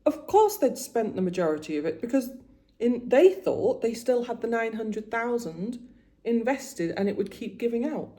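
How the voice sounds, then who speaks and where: A woman's voice: on the high side, very animated, normal speed, warm tone. A woman in her forties chatting casually about her week while doing her make-up, getting emotional and often trailing off and restarting. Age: 40s. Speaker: vlogger.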